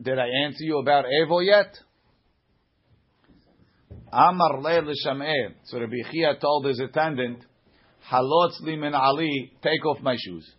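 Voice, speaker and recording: A man leads a Talmud class, reading each line aloud and then explaining it in plain, conversational English. His voice is slightly husky. The recording is dull and lo-fi. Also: mid-range voice. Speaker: Talmud teacher.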